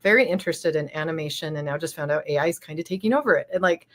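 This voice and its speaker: A woman's voice: sits low, very fast, a bit bright. A woman hosting a podcast, talking in an encouraging, reflective way with casual restarts. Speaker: podcast host.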